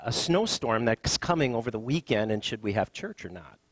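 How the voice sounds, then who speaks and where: A man's voice: medium pitch, no echo. A man preaching a sermon as a pastor, conversational and loose, with fillers and restarts.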